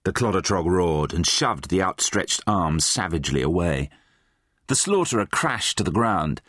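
A man's voice: low voice, normal speed, dry recording, studio quality. A man narrating a children's fantasy audiobook, reading expressively. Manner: expressive, voices many characters. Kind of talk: scripted storybook narration.

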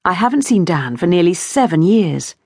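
An eager, earnest young widowed mother, played by a woman narrator. Her lines rise with lively pitch and a breathy softness, recorded dry and close. An audiobook character voice. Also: moderate pace, no echo, full character voice. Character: young widowed mother of four, warm-hearted.

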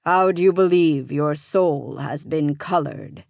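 A woman voicing a stern male judge of the dead in an audiobook, speaking in a slow, commanding way. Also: low-pitched, vocal fry, a little mellow, no echo, clean studio sound, full character voice.

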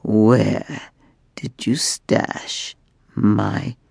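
A woman voicing a menacing female dragon in human form, speaking in a hushed, breathy whisper. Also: extremely low pitch, steady tone, very slow, no echo, clean studio sound, exaggerated voice.

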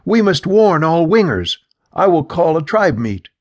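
A man voicing a husky young winged warrior woman. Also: a little high, sing-song, unhurried, dry recording, pitched above the performer's own voice. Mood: resolute. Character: young female winged bird-folk warrior, urgent and bold.

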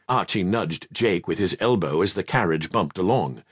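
A man narrating a children's fantasy audiobook in an expressive storybook style. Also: low voice, moderate pace, few pauses, husky, dry recording, clean studio sound.

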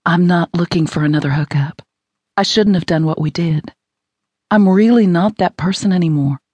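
Female narrator as guarded but tempted young woman, low voice. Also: normal speed, breathy edge, no room sound. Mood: hushed. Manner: hushed and flustered. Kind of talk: audiobook romance dialogue.

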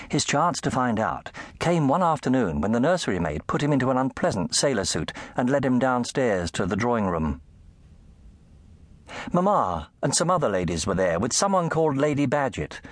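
Lively male audiobook narrator, dry studio. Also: no echo. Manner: animated storytelling, shifting pitch for effect. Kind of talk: scripted narration. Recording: dry close studio sound.

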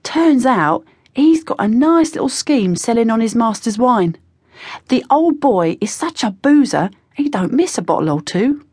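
Woman playing a cocky teen boy, slangy, conspiratorial, pitched a bit high, dry audiobook sound. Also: very animated, unhurried, a little mellow, slightly rough, dry recording, heavily acted. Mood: sly. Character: cocky streetwise teenage boy spy, sly. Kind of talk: audiobook character voice.

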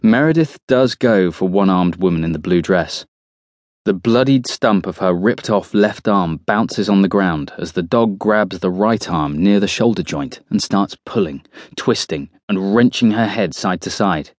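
A man narrating a horror audiobook in the first person, measured and tense. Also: low voice, darkish tone, no room sound, studio quality.

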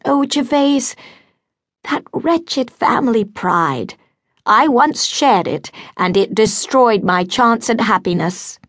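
A woman voicing a gentle older spinster governess in an audiobook, earnest and pleading. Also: a little high, animated, takes it slowly, no echo, studio quality, voice pushed up, heavily acted.

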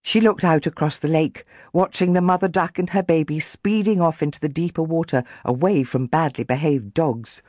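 A woman narrating a children's audiobook with lively, animated storytelling. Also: low voice, normal speed, few pauses, dry recording, studio quality.

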